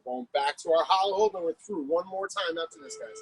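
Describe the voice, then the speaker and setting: A man's voice: high-pitched, brisk, slightly rough, dry recording, rough recording. A man coaching a live-streamed workout class, calling out exercises, cues and countdowns with lots of energy. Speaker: fitness coach.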